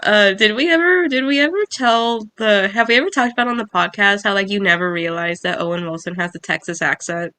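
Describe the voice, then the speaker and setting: A woman's voice: mid-range voice, a little fast, hardly any pauses, bright, forceful tone, dry recording. A young woman co-hosting a podcast, teasing her friend in casual chat and laughing often. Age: young adult. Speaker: podcast co-host.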